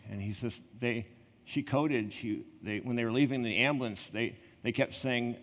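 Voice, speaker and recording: A man preaching a conversational sermon, telling personal stories in an earnest way with quick asides and restarts. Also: mid-range voice. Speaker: pastor. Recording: reverberant hall, slightly muffled.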